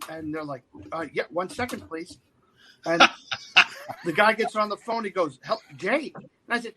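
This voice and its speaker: A man's voice: sits high, normal speed, noisy background. A man in his fifties, a guest actor telling a show-business story in casual chat, often slipping into the voices of the people he quotes. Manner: animated anecdote-teller who slips into quoted voices.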